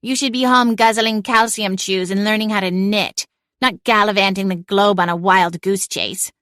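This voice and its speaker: A woman's voice: mid-range voice, steady tone, moderate pace, a bit bright, no room sound, natural voice. Woman doing a dry sarcastic cat familiar. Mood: scornful. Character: ageless sardonic female cat familiar, cold and cutting.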